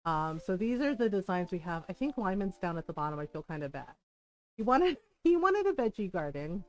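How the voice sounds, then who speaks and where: A woman's voice: on the low side, sing-song, a little fast, a little mellow. A woman streamer chatting casually while playing a video game, telling stories animatedly and swearing freely.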